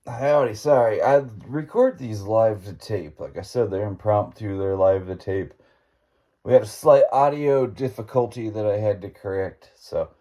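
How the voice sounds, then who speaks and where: Man, podcast host, low mellow voice, rambling story, laughs a lot. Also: dull audio. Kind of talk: impromptu storytelling monologue.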